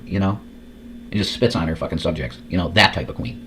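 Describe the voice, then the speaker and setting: A man's voice: low voice, brisk, fairly bright tone, a little hiss or hum. Profane, rambling male reaction host. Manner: crude, profane, rambling with repeated words. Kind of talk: casual reaction commentary.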